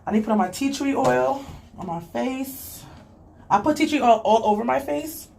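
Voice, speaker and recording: A woman's voice: sits high, expressive, moderate pace, creaky, darkish tone, slight background noise. A young woman vlogging casually while she cleans, rambling and chatty, talking to a child off camera and reading comments aloud.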